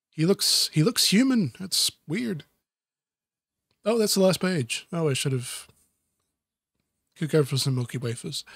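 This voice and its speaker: A man with a fairly high voice reads a children's picture book aloud and breaks off for deadpan, sarcastic asides aimed at himself. The recording is close and dry, with no room sound. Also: no echo. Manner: deadpan, self-mocking asides. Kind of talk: sarcastic comedic book reading.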